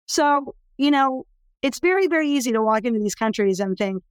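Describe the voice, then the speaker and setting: A woman's voice: a little high, lively intonation, fairly quick, clear, resonant tone, dry recording. Impassioned middle-aged woman telling a story. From California. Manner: emphatic, intense, building to impassioned pleas. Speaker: interview guest, anti-trafficking worker. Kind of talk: emotional personal storytelling.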